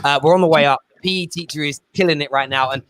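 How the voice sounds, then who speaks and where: A man hosting a casual football chat show, telling stories with lively energy and mimicking voices. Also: on the high side, very fast, no room sound. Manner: animated storytelling, mimics his kids. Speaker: show host.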